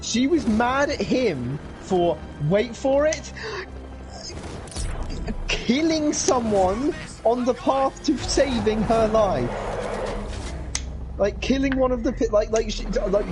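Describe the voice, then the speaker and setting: Man, lively rambling co-host, higher voice, music in the background. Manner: rambling, laughs often, restarts a lot. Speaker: podcast co-host. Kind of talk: casual chat.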